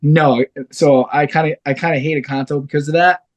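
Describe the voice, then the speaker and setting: A man's voice: fairly high pitch, brisk, hardly any pauses. A man in his thirties, a fighter and guest on a podcast, telling stories in casual chat and swearing freely. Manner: animated storyteller, swears freely.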